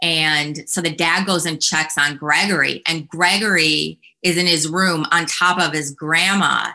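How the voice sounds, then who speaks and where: A woman's voice: deep voice, fairly even intonation, measured pace, bright, forceful tone. A woman guesting on a podcast, chatting casually and telling jokes animatedly, acting out the voices. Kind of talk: casual interview chat. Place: home room.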